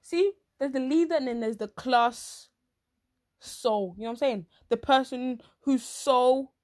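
A young woman with a fairly high voice rattles through a comic monologue in loose slang. She talks animatedly, throws in quick asides, and sometimes jumps into shrill voices to act out other people. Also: a little mellow. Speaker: vlogger. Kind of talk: comic casual monologue to camera.

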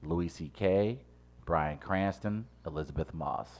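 A man with a very low voice co-hosts a casual chat, pressing his argument with growing animation. He speeds up when a point excites him and reels off lists in a steady run. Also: a little slow. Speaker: podcast co-host.

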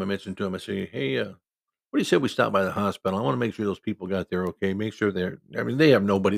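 A middle-aged football referee from Iowa tells a story casually, with a low-side, creaky voice and no room sound. He's folksy and conversational, quoting people in his own voice.

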